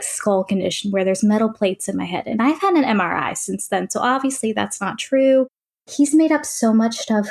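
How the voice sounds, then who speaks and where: A young woman speaks in an interview at an ordinary mid pitch. She recounts her past plainly and matter-of-factly. Her speech is loose and full of "like" fillers. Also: a little mellow. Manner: plain, matter-of-fact retelling with frequent "like" fillers. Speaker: interview guest. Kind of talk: personal testimony in an interview.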